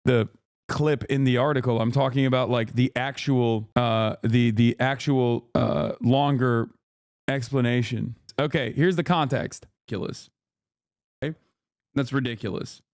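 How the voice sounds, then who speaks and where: A man's voice: medium pitch, fairly even intonation, a little slow, a little mellow, no echo. Sarcastic male streamer, dry sound. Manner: sarcastic, mock-outraged asides; rambling with frequent restarts. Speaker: political streamer. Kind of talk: live-stream reaction commentary.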